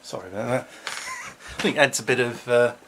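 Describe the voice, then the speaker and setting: A man's voice: mid-range voice, normal speed, background noise. A middle-aged man, chatting to camera at home in a rambling, self-mocking way. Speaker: vlogger. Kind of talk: casual chat to camera.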